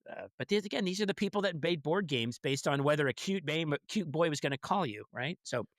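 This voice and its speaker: A man's voice: fairly high pitch, lively intonation, fairly quick, no room sound, clean studio sound. A middle-aged man co-hosting a podcast, rambling wryly and mock-quoting people. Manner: rambling with restarts, wry, mock-quotes people. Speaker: podcast co-host. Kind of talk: casual chat.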